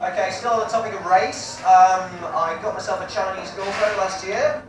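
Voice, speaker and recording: A man's voice: sits high, fairly even intonation, normal speed. Brash stand-up man in his forties. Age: 40s. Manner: brash, crude punchlines. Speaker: stand-up comedian. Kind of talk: stand-up comedy set. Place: comedy club stage. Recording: echoey live room from far off, audience noise.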